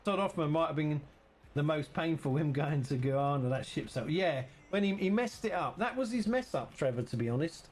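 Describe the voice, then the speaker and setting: A man's voice: on the high side, animated, moderate pace, a little mellow. A man chatting casually and teasingly with viewers while streaming a farming game.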